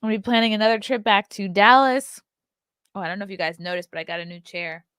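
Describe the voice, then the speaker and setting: A woman's voice: mid-range voice, quick pace, a bit bright, clean tone, no echo, clean studio sound. A woman hosting a casual morning livestream, chatting loosely with her viewers and yawning now and then. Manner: chatty, keeps yawning and laughing. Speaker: podcast host.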